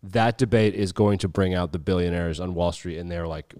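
A man in his thirties co-hosting a podcast, talking in a loose, animated way, swearing freely and mimicking people as he tells a story. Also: deep voice, a little fast, no room sound, clean studio sound. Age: 30s. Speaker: podcast co-host. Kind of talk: casual chat.

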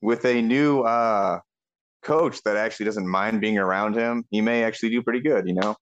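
Man, sports podcast co-host, relaxed, matter-of-fact, lower voice. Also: normal speed, lo-fi sound. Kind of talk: casual sports podcast chat.

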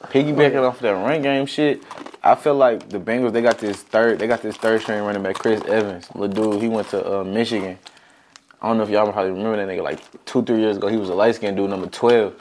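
A man's voice: lowish voice, steady tone, quick pace, darkish tone, slight background noise. A young man breaking down football plays in casual, slangy chat with friends.

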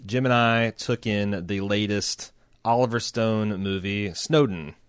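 This man co-hosts a laid-back movie podcast. His voice sits low and smooth, recorded up close with no room sound. He jokes quickly and often restarts his sentences. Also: dry recording. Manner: quick, joking, with frequent restarts. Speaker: podcast co-host. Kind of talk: casual movie-review chat.

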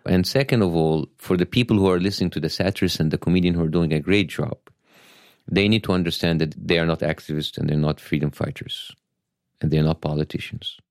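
A middle-aged man with an Egyptian Arabic accent, a satirist guest talking in a wry, self-deprecating way with thoughtful pauses. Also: sits low, a little mellow, no echo, clean studio sound. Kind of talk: conversational interview.

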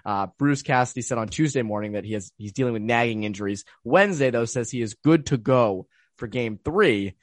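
A young man of middle pitch co-hosts a casual sports podcast. He sounds relaxed and jokey as he steers the talk. The recording is close and dry. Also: brisk, hardly any pauses, dry recording. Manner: relaxed, jokey, leads topics. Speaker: hockey reporter, co-host.

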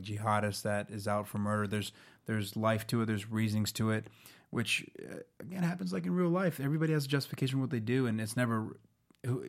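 A man in his thirties co-hosting a casual show, telling stories with lots of energy and doing goofy voices when quoting people. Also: on the low side. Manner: animated storyteller, does goofy voices for quotes. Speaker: actor and podcast co-host. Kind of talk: casual chat.

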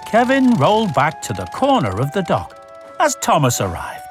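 Animated woman reading a children's story. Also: low-pitched, normal speed, faint music behind. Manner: expressive, animated.

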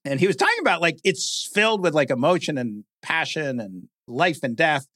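A man talking in an animated, conversational way, his voice climbing and dipping a lot as he goes. He slips into mock announcer tones and fills his talk with "like." The sound is close and dry. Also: a little high, moderate pace, no room sound. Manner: lively, mimics stiff announcer voices, says "like" often. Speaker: guest speaker, podcast creator.

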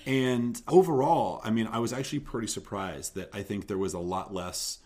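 A man co-hosting a podcast in casual chat, rambling and often trailing off softly. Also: fairly low pitch, moderate pace. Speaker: podcast co-host.

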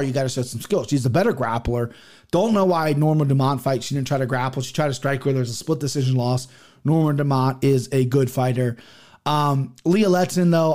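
Young guy rambling through fight picks, swears a lot, voice sits a bit high. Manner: profane, rambling, animated, with many restarts. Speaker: MMA betting picks host. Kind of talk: casual solo picks show.

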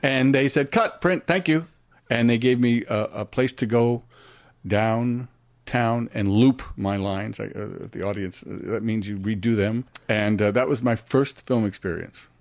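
An older man, a guest actor, telling stories in a casual interview and acting out the quotes with big jumps in pitch. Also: steady tone, a little slow, a little mellow, no room sound. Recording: dry, slightly muffled studio audio.

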